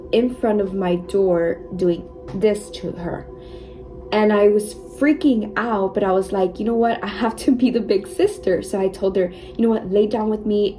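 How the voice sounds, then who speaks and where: A woman's voice: mid-range voice, warm tone, low-quality recording. A young woman vlogger chatting casually about her own experiences while doing her makeup, constantly saying "you guys" and "like.". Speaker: beauty vlogger.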